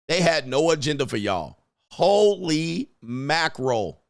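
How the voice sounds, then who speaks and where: A man's voice: on the high side, big pitch swings, slow pace, creaky, no echo, clean studio sound. A man hosting a live reaction show, exclaiming, laughing and making mocking asides over clips.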